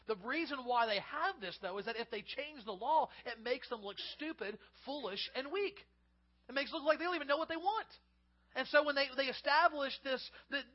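Pastor guy preaching, high voice, reads verses then riffs on them, bit muffled. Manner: animated, reads scripture then explains. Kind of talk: sermon. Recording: slightly dull lo-fi recording.

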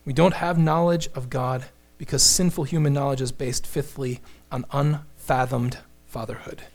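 A man preaching a sermon, emphatic and impassioned, moving between loud declarations and hushed, slow lines. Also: mid-range voice, steady tone.

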